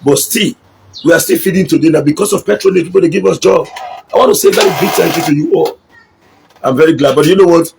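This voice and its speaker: A man's voice: fairly high pitch, fast talker, gravelly, background noise. A middle-aged Nigerian man giving an impassioned political speech, mixing Pidgin with English and repeating his points for emphasis. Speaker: local politician.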